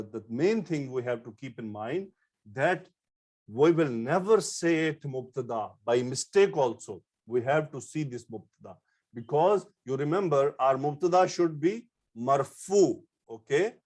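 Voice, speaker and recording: A man's voice: medium pitch, darkish tone. A man teaching an Arabic grammar lesson, explaining step by step and repeating key terms, with frequent fillers and restarts. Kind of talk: online-style grammar lecture.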